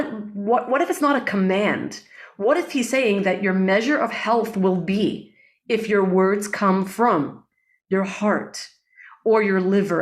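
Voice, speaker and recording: A woman guest on an interview, a breathwork facilitator explaining ideas earnestly, often checking in with "right?" and quoting Hebrew prayers. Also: medium pitch. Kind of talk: reflective interview talk.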